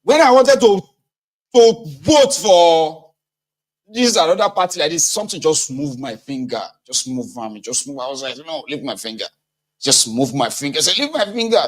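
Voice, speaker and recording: A man voicing an excitable Nigerian voter who claims a spirit moved his finger, speaking with a Nigerian accent in a raised, breathless, exclaiming voice. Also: on the high side, moderate pace, pitched above the performer's own voice, close to an everyday voice. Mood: giddy. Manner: breathless, exclaiming, mock-pious.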